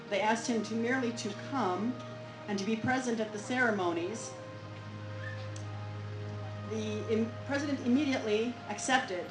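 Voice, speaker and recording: A woman reenactor telling a historical story to an audience in a clear, earnest way. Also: a little high, reverberant, low-quality recording. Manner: clear, earnest narration with occasional fillers.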